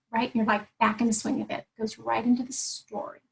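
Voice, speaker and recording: Earnest woman coach explaining, slightly high voice. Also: little pitch movement, quick pace, creaky, hardly any pauses, rough recording. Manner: earnest, explanatory, walks through points one by one. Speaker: life and executive coach. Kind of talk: interview conversation.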